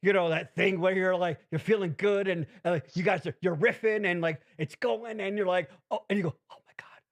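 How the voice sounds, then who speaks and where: A man hosting a podcast, rambling in casual profane chat with big swings in pitch. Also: fairly quick. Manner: rambling, swears constantly, animated swings in pitch. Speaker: podcast host.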